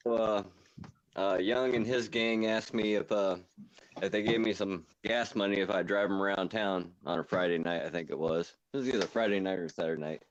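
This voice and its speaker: Male late-night call-in host, low voice, dull sound. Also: fairly even intonation, brisk.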